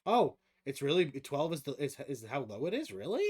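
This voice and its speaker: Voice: medium pitch, sing-song, brisk, darkish tone, breathy edge. A game master running a tabletop game on stream, talking casually, swearing freely and laughing often.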